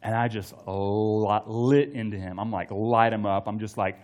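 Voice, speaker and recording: A young adult man preaching a sermon in a casual, storytelling way, dropping to soft tones for emphasis. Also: fairly low pitch, normal speed.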